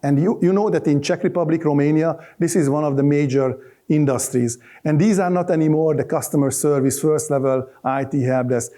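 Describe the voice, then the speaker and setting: A man's voice: a little high, fairly even intonation, brisk, mellow. Hungarian-accented man joking at a podium. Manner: loose, joking, with many restarts and fillers. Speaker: conference speaker. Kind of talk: live conference presentation. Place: conference hall.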